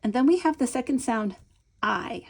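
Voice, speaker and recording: A middle-aged woman teaching a lesson, patient and explanatory, slowing down to model each sound and often checking in with "right?". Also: on the high side, lively intonation, a little mellow, husky. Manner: slows and stretches words when modeling sounds. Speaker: teacher trainer. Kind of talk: instructional video lesson.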